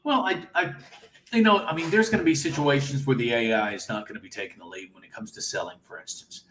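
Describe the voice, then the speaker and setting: A man's voice: medium pitch, fast talker, roomy sound, crowd noise. Enthusiastic man telling business stories. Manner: enthusiastic, storytelling. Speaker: guest, AI business owner. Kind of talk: casual interview.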